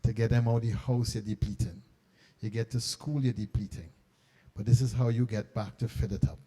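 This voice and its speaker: A middle-aged man, an archbishop speaking to a conference of school principals and leading them through a meditation. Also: medium pitch. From Trinidad and Tobago. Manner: animated and coaxing, then slow and hushed in prayer. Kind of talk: talk guiding a meditation. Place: conference hall.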